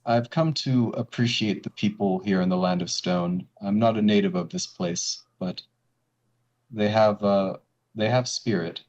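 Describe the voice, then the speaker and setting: A man voicing a calm, low-voiced ninja commander. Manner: measured, hesitant speech with many pauses. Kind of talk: game master voicing a character. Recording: slightly dull lo-fi audio.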